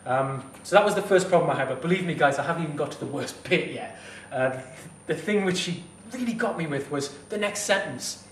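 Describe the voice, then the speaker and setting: A man's voice: a little high, expressive, fairly quick, few pauses, echoey room, far from the mic, a little hiss or hum. A fitness instructor talking straight to camera, heated and blunt, swearing as he gives advice. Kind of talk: direct-to-camera advice vlog.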